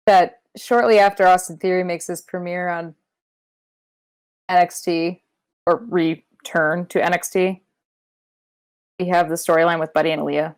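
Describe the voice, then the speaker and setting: A woman's voice: lowish voice, steady tone, normal speed, long pauses, clear, resonant tone. Playful, profane woman recapping wrestling. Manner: playful, swears freely, silly wordplay. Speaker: podcast co-host. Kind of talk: casual wrestling recap chat.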